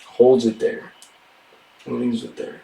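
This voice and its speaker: A game master narrates a tabletop game slowly and deliberately, in a hushed tone. His mid-range voice stays completely flat and carries vocal fry, picked up by a distant mic in a roomy space.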